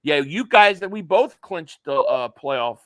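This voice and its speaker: A man's voice: a little high, expressive, unhurried, fairly bright tone, no room sound, studio quality. A man hosting a casual sports podcast, rambling with plenty of fillers and reading viewer messages aloud. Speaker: podcast host.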